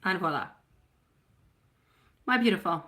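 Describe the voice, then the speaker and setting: A woman in her thirties does a live-stream tarot reading for her viewers in a bright, clear voice that is on the low side, animated, and unhurried. Chatty and meandering, she greets people by name and calls them sweetie and my love.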